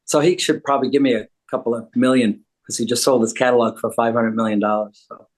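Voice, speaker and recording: A man's voice: mid-range voice, fairly even intonation, fast talker. A joking older man from the United States, talking casually as a guest. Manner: joking, wisecracking. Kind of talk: casual chat.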